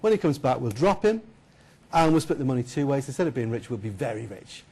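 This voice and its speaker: A man's voice: medium pitch, expressive, fast, darkish tone, slightly rough. A man voicing a scheming young medieval man who gushes tearfully over a friend, then plots against him in a sly tone.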